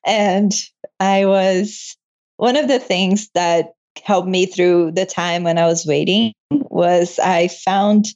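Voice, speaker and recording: A woman's voice: fairly low pitch, fairly even intonation, slow, darkish tone. Laughing young woman, emotional storyteller. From moved to Canada. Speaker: guest, medical student. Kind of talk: casual interview chat. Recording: muffled lo-fi audio.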